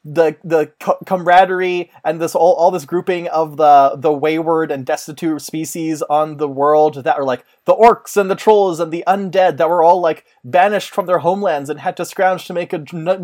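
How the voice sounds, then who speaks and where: A podcast co-host in casual chat, rambling with quick asides. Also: medium pitch, darkish tone.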